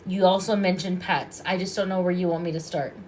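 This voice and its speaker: A woman's voice: on the low side, fairly even intonation, fairly quick, a little mellow, slight background noise. A woman hosting a casual livestream as a Reiki and hypnosis practitioner, chatty, affectionate and rambling.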